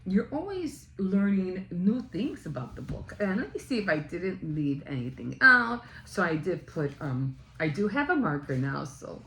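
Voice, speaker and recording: A woman's voice: lowish voice, very animated, normal speed, few pauses, a bit bright, roomy sound, a little hiss or hum. A woman chatting casually about a book she is reading, retelling scenes in a rambling storytelling way. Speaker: book vlogger.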